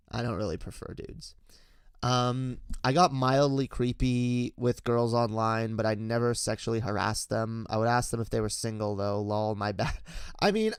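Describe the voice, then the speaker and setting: A man's voice: medium pitch, smooth, no echo, studio quality. Rambling man chatting on a livestream. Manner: rambling, lots of fillers and restarts, laughs often. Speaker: livestream host reading chat. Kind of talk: casual chat.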